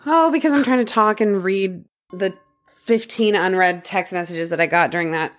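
A woman co-hosting a podcast in casual chat, unhurried and quick to laugh. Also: medium pitch, soft background music. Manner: unhurried, lively intonation, laughs easily. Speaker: podcast co-host.

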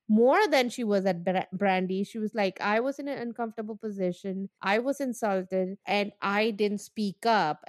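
Blunt, animated woman podcast co-host. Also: a little high, dry recording, studio quality. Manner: blunt, animated, swears freely. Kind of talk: casual chat.

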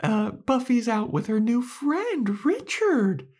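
A syrupy young woman talks down with drawn-out "honey" and "sweetheart", as a man puts her on. The voice is pushed well above his own, light and sing-song. She sounds patronizing and sweetly smug. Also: very high voice, sing-song, darkish tone, voice pushed up, exaggerated voice. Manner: cooing, patronizing, drawn-out endearments. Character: sugary condescending young woman.

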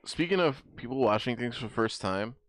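Young male co-host, smooth and low, playful chatter, dry sound. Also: expressive, brisk, a bit bright, no room sound. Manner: playful, drifts into silly sing-song bits. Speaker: podcast co-host. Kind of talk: casual chat.

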